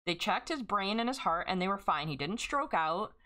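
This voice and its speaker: A woman's voice: medium pitch, animated, moderate pace, pushed and bright. A young woman game streamer in a casual, emotional rant, grieving and angry, swearing often as she vents. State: grieving and upset.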